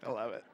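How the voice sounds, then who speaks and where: A man in his thirties preaching a casual, animated sermon with self-deprecating asides. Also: long reverb tail. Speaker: pastor. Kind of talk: conversational sermon.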